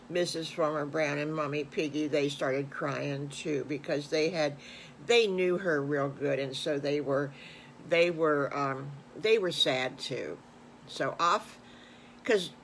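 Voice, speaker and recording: An older woman, a grandmother, making up a bedtime story as she goes in a homespun, meandering way, growing animated at its emotional moments. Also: on the low side, slight background noise.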